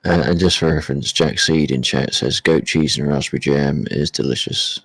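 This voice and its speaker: A man's voice: extremely low pitch, fairly even intonation, normal speed, gravelly, fairly bright tone, dry recording, low-quality recording. A man chiming in with short, laconic remarks and reading out chat messages. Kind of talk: casual chat.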